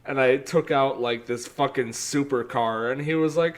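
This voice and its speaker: A man's voice: medium pitch, moderate pace, hardly any pauses. A young man co-hosting a podcast, rambling and swearing through stories with frequent laughter. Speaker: podcast co-host. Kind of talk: casual chat.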